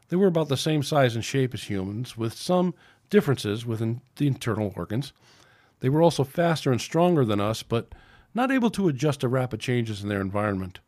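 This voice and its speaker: Man, podcast host, reading his own story aloud, steady plain delivery, medium pitch, dry close sound. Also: dry recording.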